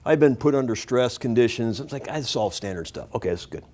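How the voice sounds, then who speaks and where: A man in his sixties, a guest on a talk show, telling a story with lively energy and acting out the voices and shouts of the people in it. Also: mid-range voice, fast talker. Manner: animated, acts out voices and shouts in his stories.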